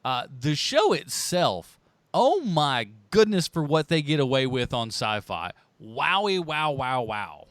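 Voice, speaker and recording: Bright, excitable man on a podcast. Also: a little high, slow pace, dry recording. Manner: excitable, exclamatory, laughs often. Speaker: podcast co-host. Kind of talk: casual chat.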